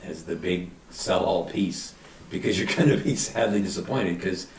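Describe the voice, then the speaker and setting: A middle-aged man, a fire battalion chief, telling animated anecdotes and acting out quotes in a casual interview. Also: low voice, moderate pace, a little hiss or hum. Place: podcast studio. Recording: roomy, somewhat distant mic.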